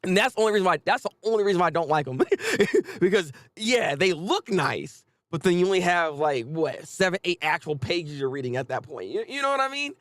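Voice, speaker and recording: A man hosting a casual live manga reaction, chatty and animated, often restarting his sentences. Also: high voice, a little fast, no room sound.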